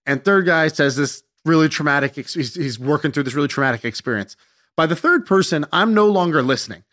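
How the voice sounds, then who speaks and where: A young man telling a casual anecdote in an animated, self-mocking way, swearing freely as he goes. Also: fairly high pitch, a little fast. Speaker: storyteller.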